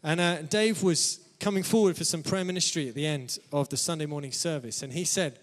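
Male preacher, higher-pitched, sermon delivery, laughs between phrases, church hall reverb. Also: a little fast. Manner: calls out amen to the congregation.

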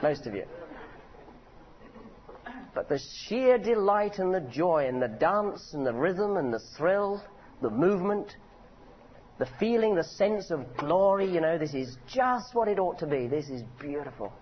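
A man's voice: sits high, unhurried, highs cut off, slight background noise. A man preaching a sermon in a church meeting, telling stories with humor. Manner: animated, humorous storytelling.

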